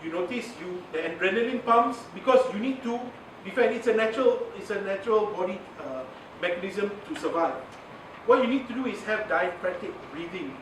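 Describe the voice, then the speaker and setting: Man, Malaysian English accent, high voice, chatty workshop lecturer, recorded from far off. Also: expressive, a little fast, fairly bright tone. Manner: chatty, laughs often, mixes in Malay words. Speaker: media communication trainer. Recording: echoey, from far off, noisy.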